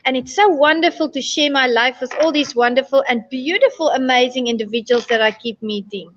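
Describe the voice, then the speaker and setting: A woman from South Africa with a South African accent speaks upbeat and affirming as a guest on an online show. Her voice sits high. The sound is dull and lo-fi, as over a video call. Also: brisk, a little hiss or hum. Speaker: guest speaker, podcast host.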